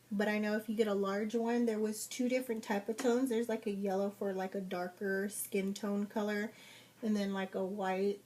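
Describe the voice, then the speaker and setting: A woman's voice: mid-range voice, a little mellow, slight background noise. A young woman walking viewers through a makeup tutorial, chatty and casual, giving step-by-step directions with fillers. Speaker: makeup vlogger.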